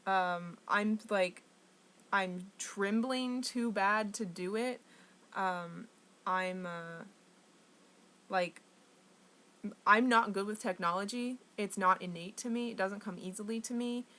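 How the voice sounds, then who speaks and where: A young woman talking candidly to camera in a rambling, profane confessional monologue, full of fillers and flaring into loud anger. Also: mid-range voice, slow pace, long pauses.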